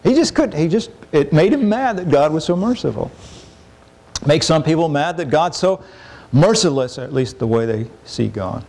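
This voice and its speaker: A middle-aged man preaching a sermon in a conversational way, acting out quoted complaints with sudden rises in pitch. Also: expressive, normal speed, a little mellow.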